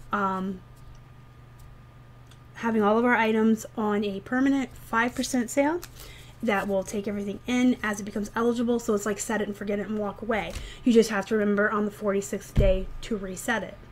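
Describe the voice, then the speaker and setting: A woman's voice: medium pitch, fairly even intonation, moderate pace, a little hiss or hum. A woman, talking chattily and sarcastically to viewers in a rambling vlog about her reselling business. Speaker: eBay reseller vlogger. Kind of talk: casual vlog talk.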